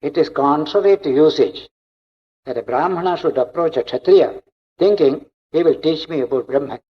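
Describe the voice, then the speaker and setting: A man voicing a slow, firm ancient king. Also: fairly high pitch, natural voice. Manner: slow, measured, emphatic. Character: humble ancient king teaching a sage. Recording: dull lo-fi recording.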